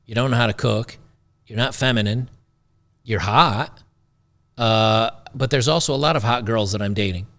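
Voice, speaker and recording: A man's voice: medium pitch, normal speed, long pauses, a bit bright. A man hosting a talk show, giving blunt, sarcastic, rambling commentary on a video clip. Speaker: show host.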